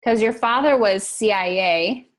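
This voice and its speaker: A woman's voice: medium pitch, unhurried. A woman with a mid-range voice hosts an interview. She asks questions with curiosity and affirms her guest's answers, restarting her phrases now and then. Her tone is conversational. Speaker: interview host.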